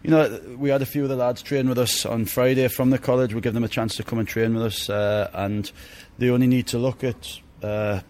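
A man's voice: medium pitch, fairly even intonation, a little fast, hardly any pauses, a little mellow. A man, a football manager giving a plain-spoken post-match interview and often repeating words as he thinks.

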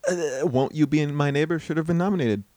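A man co-hosting a podcast in casual chat, animated and hedging, laughing often. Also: on the high side, fast, no room sound, clean studio sound. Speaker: podcast co-host.

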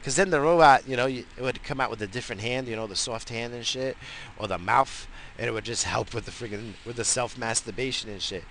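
Profane rambling male podcaster, bright voice. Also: medium pitch, fast talker, gravelly, a little hiss or hum. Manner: rambling, profane, self-mocking. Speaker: podcast host. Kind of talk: casual solo podcast rant.

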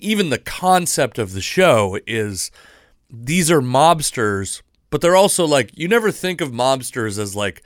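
In his thirties, a man hosts a casual solo podcast, rambling along with many restarts and self-deprecating asides. His mid-range voice is captured dry, at studio quality.

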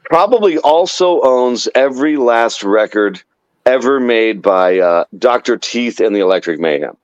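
A man's voice: mid-range voice, expressive, a little slow, no room sound, lo-fi sound. A man in a casual comedic podcast chat, cracking dry sarcastic jokes.

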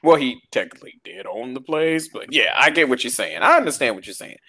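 A man in a casual podcast chat who keeps asking questions and breaks into high laughs. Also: animated, brisk, sharp tone. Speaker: podcast co-host.

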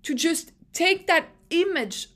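Giggly, slow-talking young woman podcaster. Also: very high voice, expressive, fairly bright tone. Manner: gushing, giggly, rambling with restarts. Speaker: podcast host. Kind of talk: casual solo podcast chat.

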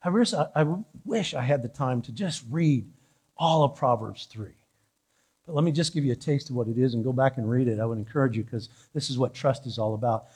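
A man's voice: mid-range voice, brisk, darkish tone, slightly rough. A middle-aged man preaching a sermon as pastor in a church, chatty, with joking asides and frequent restarts. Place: church sanctuary.

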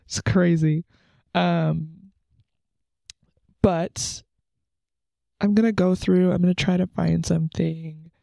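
Earnest young woman, creaky mellow voice. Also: on the low side, fairly even intonation, slow, long pauses, no room sound. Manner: candid, chatty, earnest with filler likes. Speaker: podcast host. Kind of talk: casual devotional talk. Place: sitting on the floor at home under a blanket.

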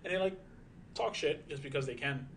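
A man's voice: fairly high pitch, a little fast, a bit bright, slight background noise. A young man in his twenties, a streamer chatting casually in a rambling, profane way with many fillers. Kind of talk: casual chat.

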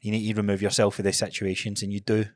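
A man's voice: on the low side, level tone, quick pace, no room sound. A man with a Scottish accent co-hosting a podcast, talking bluntly and emphatically with plenty of swearing. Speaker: podcast co-host. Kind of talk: casual podcast chat.

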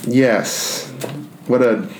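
A man's voice: mid-range voice, drawn-out words, darkish tone. A man playing a wizard in a tabletop role-play game, with a dry, wry manner. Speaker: player. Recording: echoey room with some background noise.

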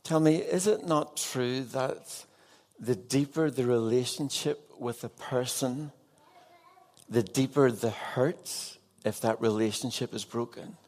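A man's voice: mid-range voice, slow pace, a little mellow. A man preaching an evening sermon as a pastor, earnest and putting direct questions to his congregation.

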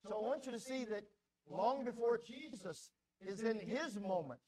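Man preaching a sermon, fairly high voice, emphatic, drops quiet then rises loud and pleading, repeats words. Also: expressive, moderate pace, poor audio. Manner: repeats words when stirred. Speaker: pastor.

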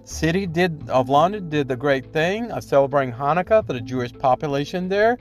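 A man's voice: on the high side, expressive, fairly quick. A man hosting a podcast, giving solo opinion commentary in a rambling, indignant way, often tagging his points with "okay?" and trailing off into fillers. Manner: frequent fillers and restarts, indignant. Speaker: podcast host.

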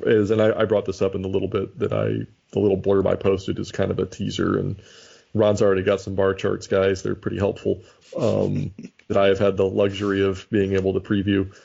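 Chatting casually about a baseball sim league, this male podcast co-host speaks briskly in a low, gravelly, mellow, slightly rough voice with a completely flat delivery. He thinks out loud and frequently restarts his sentences over dull lo-fi audio.

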